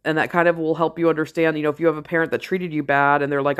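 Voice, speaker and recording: A middle-aged woman talking straight to camera in a casual vlog, blunt and candid, swearing freely and slowing down to stress key phrases. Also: low voice, steady tone, smooth. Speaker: vlogger, parent and ER worker. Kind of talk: casual talking-head commentary.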